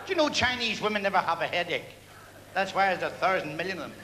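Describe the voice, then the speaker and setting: A male stand-up comedian rattling off one-liners with pauses for punchlines, performing on a large theatre stage. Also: sits high, animated. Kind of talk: stage stand-up at a variety gala. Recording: archive theatre recording with long hall echo and hiss.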